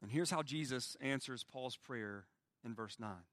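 A man preaching a sermon as pastor, swinging from loud pleading lines to hushed, quiet ones. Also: medium pitch, unhurried, no echo, studio quality.

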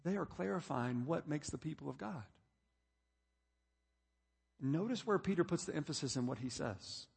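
A man's voice: a little high, animated, normal speed, creaky, long pauses, a little mellow, husky, in a large hall. A man preaching a sermon, building to emphatic points as he reads scripture. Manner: preaching, reading scripture aloud with rising emphasis. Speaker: pastor.

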